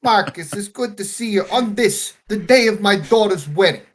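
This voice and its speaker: A grandiose mob boss, theatrical and booming, put on by a man. The pitch rides high and excited, well above his usual talk. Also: normal speed.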